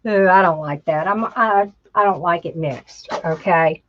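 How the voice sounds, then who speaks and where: A woman with a fairly low-pitched voice talks in an unhurried way while hosting a laid-back craft tutorial. Chatty and prone to talking to herself as she works, she says "y'all," and the sound has that dull lo-fi home video quality.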